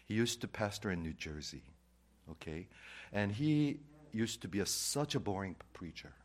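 A male pastor delivers a sermon in a fairly low voice. He drives points home by repeating them, rising to loud emphatic declarations and then dropping to soft, quiet asides. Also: sing-song, moderate pace.

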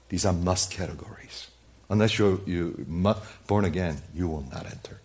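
Man preaching with loud-to-hushed swings. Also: low-pitched, normal speed. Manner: swings from loud emphasis to hushed, near-whispered asides; conversational, speaks straight to the congregation with questions. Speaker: pastor. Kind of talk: sermon.

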